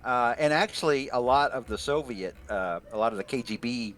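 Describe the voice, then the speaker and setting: Casting: easygoing male game master, mid pitch, rambling and profane, online call. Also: lively intonation, brisk, fairly bright tone. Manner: rambling, laid-back, swears casually. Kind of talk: casual tabletop game chat.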